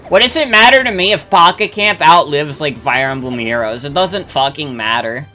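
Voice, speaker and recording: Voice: medium pitch, lively intonation, normal speed, pushed and bright, soft background music. A young adult game streamer chatting casually while playing, rambling with lots of fillers and swearing freely. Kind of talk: casual chat while gaming, reading chat.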